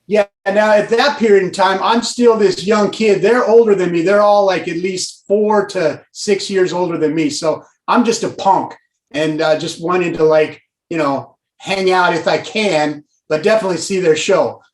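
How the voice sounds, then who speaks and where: A man in his sixties from Pasadena, a guest telling stories in a rambling, animated way with lots of fillers. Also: high-pitched, moderate pace, echoey room. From Pasadena, California. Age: 60s. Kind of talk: casual storytelling.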